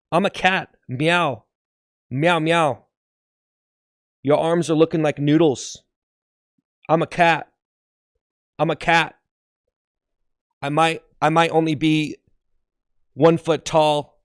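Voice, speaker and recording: A man voicing a cocky, muscular male cat at the gym who brags loudly and meows in an improvised sketch. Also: on the high side, no echo, clean studio sound, natural voice. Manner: loud, bragging, meowing.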